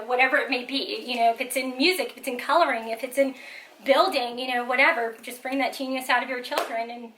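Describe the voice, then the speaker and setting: A woman's voice: high-pitched, background noise. A woman telling stories in a casual vlog, chatty and full of "like" and "you know". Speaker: parent vlogger.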